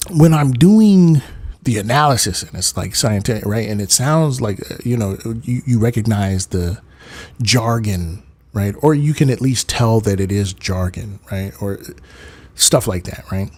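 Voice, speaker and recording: Lively, profane man hosting a stream. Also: mid-range voice, slightly rough. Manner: profane, animated, talks to his chat. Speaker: debate stream host. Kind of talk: casual livestream chat with viewers.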